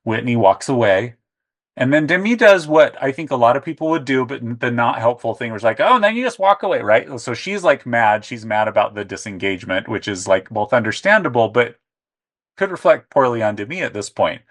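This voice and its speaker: A man co-hosting a relaxed podcast conversation, with a voice of middle pitch. He is animated and slips into exaggerated voices for the people he quotes. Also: a little fast. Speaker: podcast co-host. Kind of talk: casual chat.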